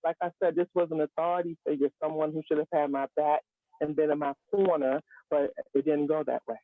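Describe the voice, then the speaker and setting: Deep-voiced and a little fast, this woman speaks with flat delivery and no echo over a tinny phone-line connection. She's a guest speaker on a live stream, sharing a personal story in an earnest, emphatic way with humorous asides.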